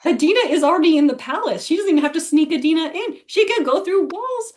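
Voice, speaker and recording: A woman's voice: very high-pitched, expressive, fast, a little mellow. A woman in casual chat, animatedly recapping a book plot, often laughing and acting out the characters' lines.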